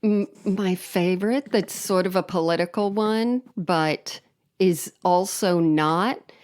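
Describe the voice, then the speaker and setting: Woman, podcast co-host, unhurried delivery, dry deadpan humor, casual chat. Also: lowish voice. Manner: wry, deadpan joking with laughs.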